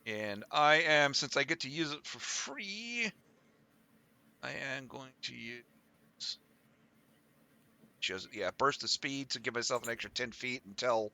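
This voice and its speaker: A man's voice: mid-range voice, animated, takes it slowly, long pauses, pushed and bright. A man playing a tabletop game, eagerly working through the rules aloud. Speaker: player. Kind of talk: casual tabletop game chat.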